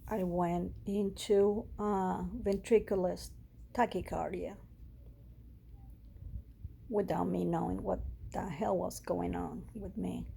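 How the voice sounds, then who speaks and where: Slow, gravelly-voiced woman telling her story. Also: fairly low pitch, warm tone, a little hiss or hum. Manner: emotional, halting, with pauses and restarts. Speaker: vlogger sharing a personal health story. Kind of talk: personal storytelling vlog.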